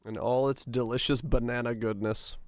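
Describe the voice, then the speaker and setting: Smooth-voiced joking male game streamer. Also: medium pitch, fairly even intonation, normal speed, no room sound. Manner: rambling, joking, muttering to himself; hums and sings nonsense tunes. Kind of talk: casual live-stream chatter.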